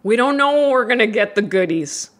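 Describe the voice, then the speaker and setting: A young adult woman doing a stand-up comedy set, chatty and self-deprecating, who rambles and jumps into high, squeaky voices for imagined friends. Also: expressive, a little fast.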